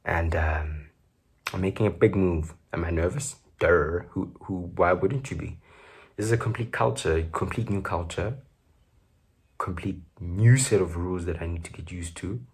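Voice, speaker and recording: Speaking at normal speed in a low, slightly rough voice, this South African man hosts his podcast alone. His accent is South African, and the chat is loose, jokey, and packed with fillers.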